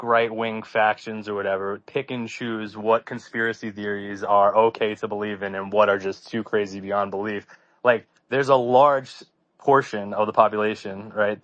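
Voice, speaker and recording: A man co-hosting a casual podcast, speaking in a deliberate, matter-of-fact way. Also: lowish voice, a bit bright, no echo. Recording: dull lo-fi mic.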